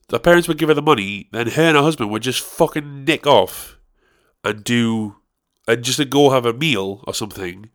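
A male podcast host with a medium-pitched, fairly bright voice rambles through a profane rant in casual chat, flaring into sudden outraged peaks.

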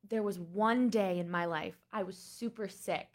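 A young woman with a high, pingy voice speaks as a podcast guest. She chats casually and agreeably and is quick to laugh. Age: young adult. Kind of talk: casual chat.

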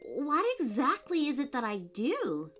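Woman voicing a folksy barefoot farm boy, bright and slow, storybook. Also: high-pitched, very animated, faint music behind, pitched above the performer's own voice, heavily acted. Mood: thoughtful. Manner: folksy hollering drawl. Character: young frontier boy, bare feet, folksy and curious.

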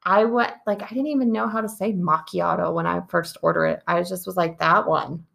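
A woman co-hosting a casual podcast, chatting and rambling with plenty of "like" as she goes. Her voice has a steady creaky fry running through it. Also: fairly low pitch, fairly quick. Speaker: podcast co-host. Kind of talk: casual chat.

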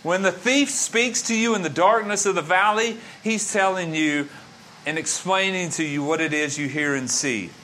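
Emphatic preaching man, slightly high voice. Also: moderate pace, bright, forceful tone, slight background noise. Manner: emphatic, repetitive preaching cadence. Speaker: pastor. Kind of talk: sermon.

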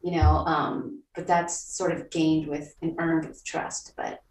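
A woman talks through her work in an unhurried interview, pausing and restarting as she thinks. Her voice sits on the low side. She sounds a little away from the mic, and the room is roomy. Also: level tone, a little mellow, distant mic. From Vietnam, raised in Texas. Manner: thoughtful, many restarts and fillers. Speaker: TV writer, interview guest. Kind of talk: conversational interview.

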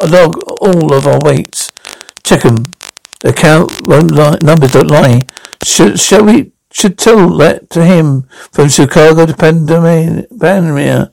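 Gravelly man reading a crime drama. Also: a little high, a little mellow, dry recording, rough recording. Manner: reads stage directions aloud between the characters' lines. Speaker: reader performing all parts.

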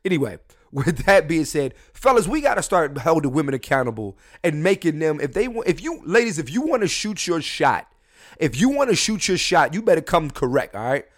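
A young man hosting a solo podcast from his room at home, drunk and high, talking loosely and jokingly, with mumbled asides that break into loud emphatic bursts. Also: big pitch swings, a little fast. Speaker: podcast host. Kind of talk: casual solo podcast rant.

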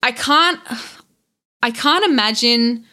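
A young woman with a fairly high, crisply bright voice talks on a podcast as a guest. She tells a story in a loose, rambling way, stopping and restarting often and packing her sentences with fillers. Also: takes it slowly. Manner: rambling, animated retelling with many fillers and restarts. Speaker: podcast guest, content creator. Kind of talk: casual podcast chat.

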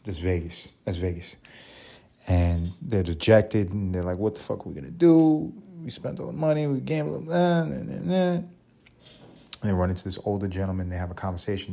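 Low dark-voiced dude hosting a podcast, rambling and swearing, jokey. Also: male voice. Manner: rambling, profane, jokey storytelling. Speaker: podcast host. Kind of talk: casual solo podcast monologue.

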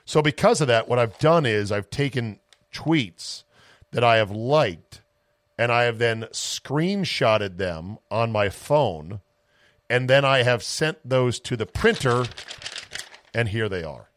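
A man's voice: medium pitch, expressive, takes it slowly, no echo. A man hosting a sports talk podcast, telling a rambling story in a casual monologue and acting out his family's voices. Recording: dry close-mic home office.

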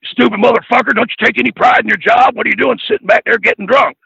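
A man impersonating a gruff veteran male wrestler who berates and curses at a rookie. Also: sits high, very animated, fairly quick, dry recording, dull audio, pitched above the performer's own voice, exaggerated voice. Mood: scornful. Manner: yelling, profane and scornful.

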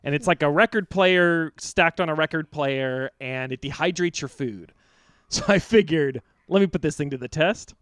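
A man playing a goofy thirty-something sidekick on a comedy talk show, rambling excitedly through a story. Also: a little high, moderate pace, dry recording, clean studio sound, close to an everyday voice. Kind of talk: scripted comedy podcast.

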